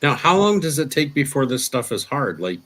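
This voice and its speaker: A man chatting casually with a friend, telling easygoing stories and laughing softly. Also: mid-range voice, big pitch swings, brisk. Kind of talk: casual chat.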